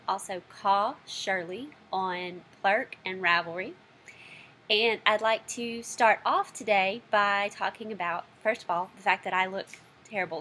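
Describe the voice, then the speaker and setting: A woman's voice: mid-range voice, pushed and bright. Chatty woman hosting a podcast. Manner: chatty, friendly, self-deprecating. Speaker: knitting podcast host. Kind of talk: casual video podcast chat.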